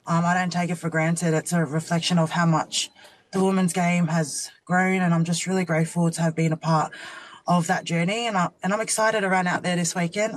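A woman, a rugby league player, chatting as a guest and animatedly acting out quotes as she tells a story. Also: lowish voice. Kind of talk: casual chat interview.

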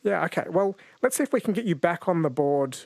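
A man's voice: high voice, expressive, fairly quick, vocal fry, a little mellow, no room sound. New man hosting late-night radio. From New Zealand. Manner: chatty, reflective, storytelling. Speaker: radio talkback host. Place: radio studio. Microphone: studio microphone.

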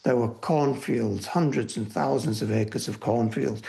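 A man's voice: mid-range voice, unhurried, creaky, dark tone. An older man, a historian, speaking thoughtfully in a conversational interview, often restarting phrases. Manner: thoughtful, with restarts and "you know". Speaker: historian guest.

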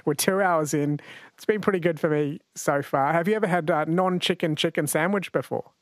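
A man hosting a late-night radio quiz, chatty and quick to laugh, slowing down to read each question. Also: on the high side, no room sound, studio quality. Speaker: radio host. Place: radio studio. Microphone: studio microphone.

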